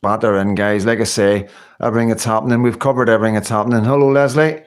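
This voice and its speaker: A man's voice: fairly low pitch, steady tone, quick pace. A man hosting a casual livestream, rambling through viewers' comments with lots of fillers and tag questions. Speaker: livestream host.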